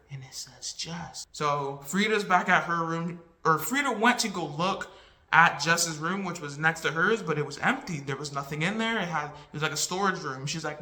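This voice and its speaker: Woman, casual movie recap, rambling, self-correcting, bright tense tone, roomy echo. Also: sits low. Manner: rambling and chatty, full of "like" and "right?"; loses track and corrects herself mid-story. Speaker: vlogger reviewing a movie.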